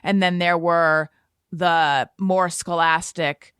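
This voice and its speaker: A woman's voice: on the low side, takes it slowly, smooth, no echo, studio quality. A woman hosting a podcast, chatting casually and telling stories about herself with self-deprecating humor. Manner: self-deprecating, animated storytelling. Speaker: podcast host. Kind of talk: casual chat.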